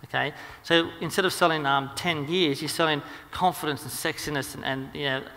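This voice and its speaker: A man giving a rapid, energetic marketing seminar talk, full of ums and restarts. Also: on the high side, in a large hall. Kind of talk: seminar presentation. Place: seminar hall.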